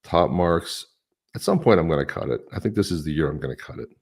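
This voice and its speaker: A man's voice: a bass voice, lively intonation, quick pace, a little mellow, slightly rough. A man co-hosting a live stream, chatting casually and upbeat, greeting viewers by name. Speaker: podcast co-host.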